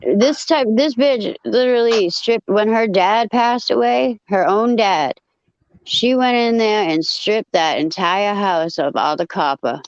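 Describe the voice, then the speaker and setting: A woman telling a story in casual chat, blunt and profane, with animated retelling. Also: mid-range voice, measured pace, clean tone, dry recording, lo-fi sound.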